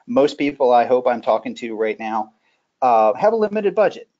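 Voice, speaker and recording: A man in the middle of his pitch range talks through a security presentation in a folksy, animated way, dropping in stories and asides. The sound is muffled and lo-fi, like a web session. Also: normal speed. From Northern Virginia. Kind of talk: conversational webinar presentation.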